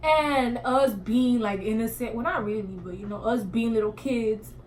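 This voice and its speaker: A young woman telling a story in an animated, slangy way, acting out what people said. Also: on the high side, normal speed. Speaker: guest storyteller. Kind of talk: casual storytelling. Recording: off-mic voice with faint noise.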